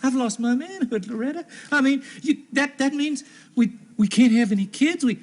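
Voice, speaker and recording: An actor playing a distraught young husband in a hospital bed, in a 1970s TV soap. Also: male voice, very high voice, moderate pace. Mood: anxious.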